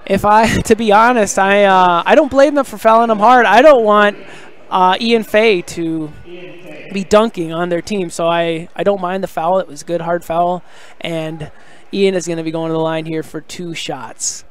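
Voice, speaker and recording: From inside the gym, a man calls a high school basketball game live, getting excited and shouting on big plays while tossing in casual, chatty asides. He talks at a moderate pace.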